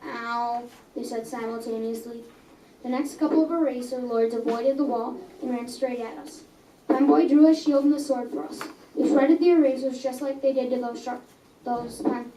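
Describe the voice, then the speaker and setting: High-pitched young reader in an echoey café. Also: female voice, dark tone, slight background noise. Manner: earnest, with small stumbles and self-corrections. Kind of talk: reading own story aloud. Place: coffee house. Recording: echoey room, mic at a distance.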